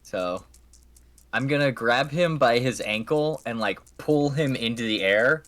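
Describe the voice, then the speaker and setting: Bright-voiced man playing a tabletop game. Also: medium pitch, animated, a little slow. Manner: stammering restarts, upbeat and jokey. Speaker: player. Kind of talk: casual tabletop game play over a call.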